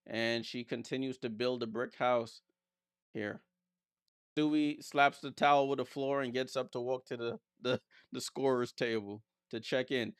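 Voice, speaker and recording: Speaking at normal speed in a clear, resonant, medium-pitched voice, a man hosts a casual live watchalong. He calls plays and reads out viewer comments, firing back blunt, teasing replies; the audio is studio quality with no echo.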